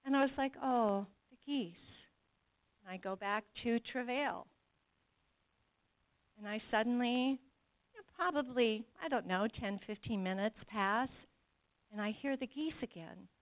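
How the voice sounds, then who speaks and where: A woman's voice: fairly high pitch, normal speed, long pauses. A woman giving an earnest sermon testimony to a church congregation, speaking to them directly. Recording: tinny phone-like sound.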